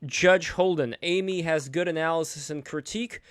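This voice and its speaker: Smooth-voiced man hosting a stream. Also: a little high, normal speed, no room sound, clean studio sound. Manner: rambling, reads out donations. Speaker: stream host. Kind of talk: casual online chat.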